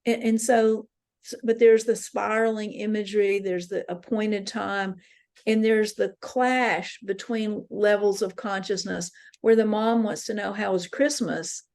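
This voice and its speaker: A woman's voice: medium pitch, fairly even intonation, unhurried, a little mellow. A woman leading a dream workshop, earnestly retelling dreams and quoting the people in them. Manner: earnest storytelling, quotes voices. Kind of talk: teaching talk with retold dreams. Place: interfaith center workshop.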